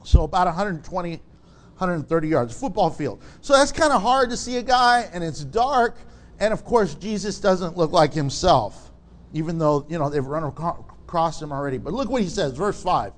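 A man preaching a sermon, animated and laughing often, acting out the people in his story. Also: fairly high pitch, moderate pace. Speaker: pastor.

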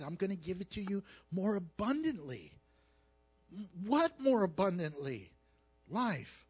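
Give me a high-pitched male pastor delivering a humorous, animated sermon. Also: husky. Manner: animated, jokey storytelling with acted asides.

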